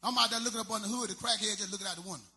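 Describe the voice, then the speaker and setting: A man's voice: sits high, rapid-fire, pushed and bright. A man doing a stand-up comedy set, telling loose, rambling stories full of street slang.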